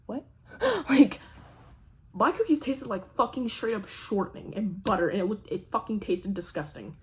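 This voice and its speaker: Husky young woman telling a story. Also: mid-range voice, fairly quick. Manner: animated, swears a lot, acts out quoted voices. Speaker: vlogger. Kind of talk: casual storytelling.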